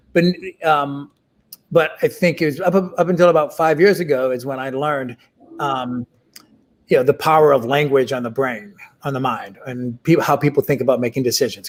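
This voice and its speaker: Man, middle-aged, interview guest, halting delivery, lots of fillers, mid-pitched voice. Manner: halting, full of fillers and restarts. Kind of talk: casual interview conversation.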